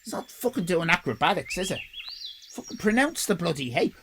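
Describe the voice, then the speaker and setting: Irish streamer going off at chat, swears a lot, voice jumps all over, bright sharp tone. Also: medium pitch, very animated, fairly quick, slight background noise. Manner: rambling, swearing, mock-outraged ranting to chat. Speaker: livestream host. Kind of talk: casual live-stream chat.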